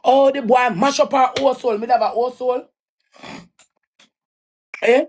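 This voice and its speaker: A woman's voice: high voice, fairly even intonation, measured pace, darkish tone, a little hiss or hum. A Jamaican woman telling an emotional personal story in a raw, emphatic way, often repeating her lines. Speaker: livestreamer.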